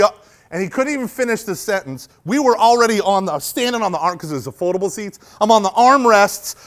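Man, high-pitched voice, humorous youth talk, animated storyteller, bursts of shouting. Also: brisk. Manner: animated, jokey, breaks into shouting when acting out the story. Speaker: speaker at a Catholic youth event.

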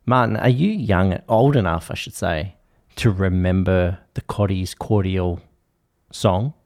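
Aussie host guy, low voice, keeps the banter moving. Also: a little slow, a little mellow. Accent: Australian. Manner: steering the talk, playful prompts. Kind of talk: casual podcast chat.

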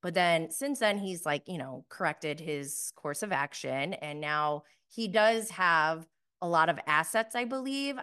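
A woman with a fairly low voice talks through a recap in a loose, casual commentary style. She is chatty and sarcastic, with frequent fillers. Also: fairly bright tone, clear, resonant tone. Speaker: podcast host recapping reality TV.

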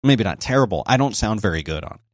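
A man talks through his podcast in a relaxed, explanatory way, often restarting his sentences. His voice sits on the low side. The sound is close and completely dry, with no room around it. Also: quick pace, no room sound. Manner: conversational, explanatory, frequent restarts. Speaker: podcast host. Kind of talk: casual solo podcast talk about microphones. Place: home office by a busy highway. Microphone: close dynamic microphone with noise gate.

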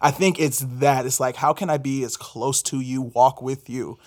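A man speaks earnestly in a relaxed conversation, thinking aloud as he goes. He pauses and restarts often, searching for words. His voice sits at an ordinary middle pitch. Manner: thoughtful, earnest, halting with restarts. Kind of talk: casual reflective conversation.

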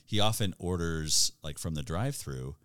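A man's voice: low-pitched, animated, moderate pace, fairly bright tone, clean tone, dry recording. A man co-hosting a podcast, easygoing and affirming with short replies. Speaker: podcast co-host. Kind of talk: casual conversational interview.

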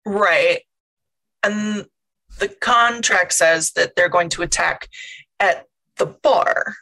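A woman's voice: on the low side, slow pace, sharp tone. A woman playing a tabletop game, talking in a hesitant, wry, casual way. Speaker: player.

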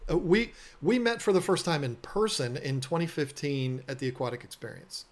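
A man's voice: on the high side, normal speed. Earnest man telling a story. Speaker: podcast host and aquarium business owner. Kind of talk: casual storytelling conversation.

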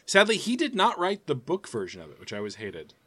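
A man co-hosts a podcast in casual chat, tired yet playful and full of nerdy jokes. His voice is bright and edged, with lively swings in pitch. The recording is dry and close. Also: fast talker, no room sound. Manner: playful, teasing, nerdy asides. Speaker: podcast co-host.

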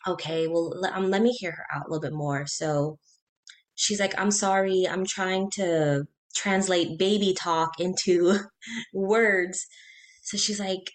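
With a lowish, steady voice, this thirtysomething woman recounts something personal as an interview guest. She speaks earnestly, stops and restarts, and slips in quoted speech.

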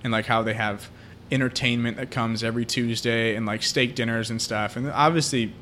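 A man's voice: medium pitch, steady tone, fairly quick, fairly bright tone. Male co-host, mid-range voice, casual film recap, faint noise in the background. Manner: retelling a film plot at length, with many fillers. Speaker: podcast co-host. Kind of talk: casual podcast chat.

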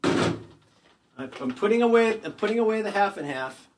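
A man chats casually while narrating each small thing he does, joking and apologizing as he goes. His fairly high voice jumps around a lot, and he talks a little loud, as if from across the desk. Faint noise sits under it. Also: lively intonation, moderate pace. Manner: rambling, narrates what he is doing, apologetic and joking. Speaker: podcast co-host. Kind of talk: casual chat. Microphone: headphones, talking loud from across the desk.

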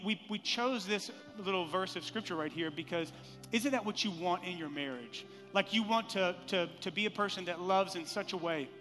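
A man preaching a sermon as pastor in a church, animated, acting out scripture lines with playful voices. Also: sits high, big-room sound.

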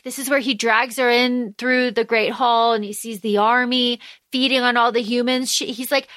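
A woman co-hosting a podcast, chatting casually as she recaps a novel and quotes its characters in lively voices. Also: a little high, moderate pace, no room sound, clean studio sound. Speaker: podcast co-host. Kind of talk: casual book discussion.

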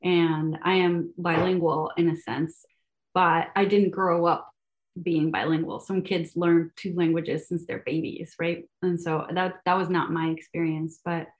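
A woman's voice: lowish voice, flat delivery, measured pace. Chatty young woman, Spanish speaker. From Venezuela. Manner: chatty, many fillers and restarts, laughs often. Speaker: guest, math educator. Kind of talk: casual podcast interview.

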